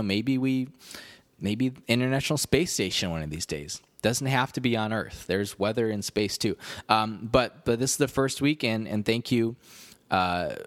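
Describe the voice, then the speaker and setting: In a fairly low-pitched voice, a man hosting a podcast tells a story as a casual monologue. He rambles, pokes fun at himself, and restarts often, and there's no echo on the recording.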